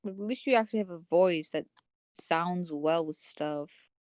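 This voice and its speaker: A young woman co-hosting a casual podcast chat, laughing often and talking herself down in quick bursts. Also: lowish voice, darkish tone, smooth, no room sound, studio quality. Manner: laughs often, self-deprecating, rapid bursts. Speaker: podcast co-host.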